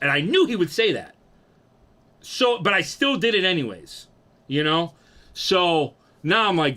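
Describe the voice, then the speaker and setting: A young man casually telling a profane, animated story about himself and acting out what people said. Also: sits high, a little slow, long pauses. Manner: animated, profane, acts out quotes.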